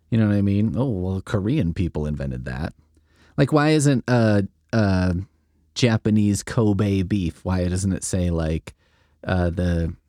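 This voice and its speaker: A man's voice: fairly low pitch, mellow, no room sound, clean studio sound. A man hosting a comedy podcast, reading a script aloud and riffing with rambling, wry asides that trail off. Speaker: podcast host.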